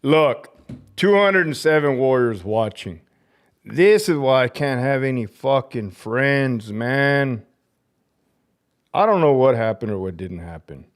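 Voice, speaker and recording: A man ranting on his live stream, cursing hard and swinging between loud outbursts and low muttering. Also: animated, unhurried. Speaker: livestreamer and prison officer. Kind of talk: profane live-stream rant.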